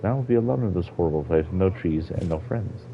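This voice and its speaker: A man's voice: low-pitched, animated, fast talker, a little hiss or hum. A man voicing a frightened, lonely young girl in a raised, pleading voice over dull lo-fi stream audio.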